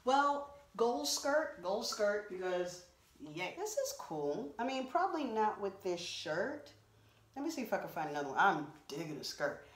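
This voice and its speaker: Animated woman in a roomy echo. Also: mid-range voice, a little slow, distant mic. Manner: animated, exclaiming, talking to viewers. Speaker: vlogger. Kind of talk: chatty try-on haul vlog. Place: home room.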